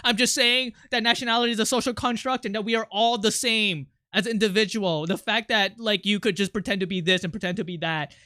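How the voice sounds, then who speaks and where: A male streamer chatting casually, rambling along with many fillers and quick restarts. His voice is bright and smooth, recorded on a close desk mic in a dry, dead room. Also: high-pitched, no room sound. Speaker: livestreamer.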